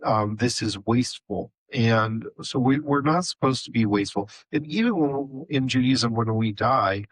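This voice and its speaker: Husky-voiced man telling a story on a panel. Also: lowish voice, no echo, rough recording. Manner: halting, animated storyteller with many fillers. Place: conference session room.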